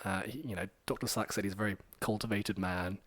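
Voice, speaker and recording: A man hosting a podcast, telling a story in a rambling, animated way with lots of fillers. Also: lowish voice, fast, no echo. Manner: rambling and animated, many fillers, acts out quoted lines. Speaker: podcast host.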